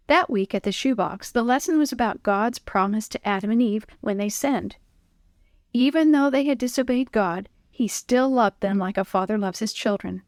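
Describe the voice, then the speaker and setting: A woman narrates a children's story in a clear, expressive read-aloud manner. Her voice sits a little high. The recording is dry and close. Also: moderate pace, dry recording.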